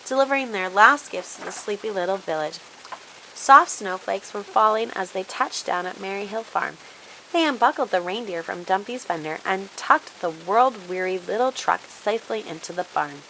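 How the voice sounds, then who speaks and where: A woman reading a children's storybook aloud in an expressive, animated way. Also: mid-range voice, slight background noise, low-quality recording.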